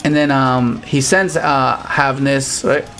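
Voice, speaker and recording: A man giving casual, rambling commentary on his own card game matches, with frequent restarts and excited outbursts. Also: medium pitch, slow, faint music behind. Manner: rambling, restarts often, animated exclamations.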